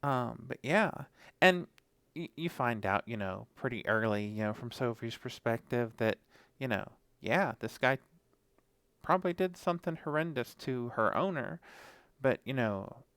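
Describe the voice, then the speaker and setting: In a mid-range, clean, slightly bright voice with lively intonation, a horror podcast co-host talks unhurriedly through a horror comic. He rambles, leans on fillers, and performs the characters' lines. No room sound is present.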